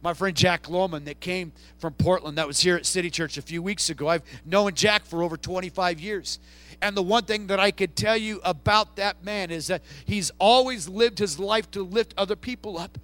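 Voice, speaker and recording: A middle-aged man preaching a sermon as pastor, swinging between soft and loud with passion. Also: sits high.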